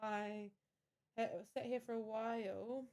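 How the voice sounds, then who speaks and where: Chatty higher-voiced young woman streamer. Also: steady tone, slow, darkish tone. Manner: chatty, rambling with many fillers. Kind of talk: casual live-stream chat.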